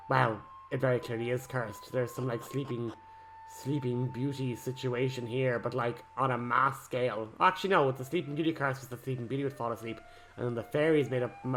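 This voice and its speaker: A man, rambling excitably while he comments on a role-playing game. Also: mid-range voice. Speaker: let's play host. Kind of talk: gameplay commentary.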